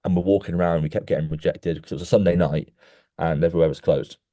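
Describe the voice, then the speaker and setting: In a clean studio recording with no echo, a young man with a deep voice co-hosts a podcast. He tells a long anecdote at a quick pace, animated and casual, constantly restarting and dropping "mate" along the way.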